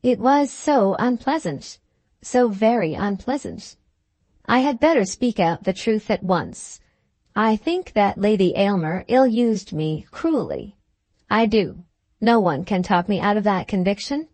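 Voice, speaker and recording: A woman's voice: medium pitch, animated, unhurried, a little mellow, no room sound. Clara, a resolute young Victorian woman, as a narrator reads her. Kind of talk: audiobook dialogue reading.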